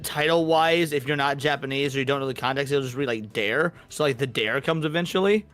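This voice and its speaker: Male podcast guest, candid and self-mocking, mid-pitched, faint music bed. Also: brisk, fairly bright tone. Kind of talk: casual podcast chat.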